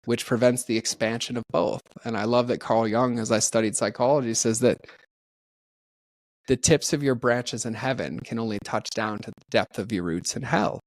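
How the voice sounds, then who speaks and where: An earnest man guesting on a podcast tells candid stories and acts out the people in them. His voice sits at an ordinary middle pitch, and he peppers his talk with "like". The sound is dry and close, with no room echo. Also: moderate pace. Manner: peppers speech with "like". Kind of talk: candid conversational storytelling.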